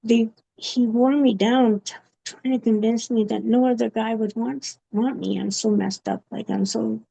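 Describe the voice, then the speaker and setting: A woman giving a personal testimony in an interview, speaking haltingly with many pauses and fillers. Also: on the high side, steady tone, warm tone. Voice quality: gravelly. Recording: dull, muffled recording.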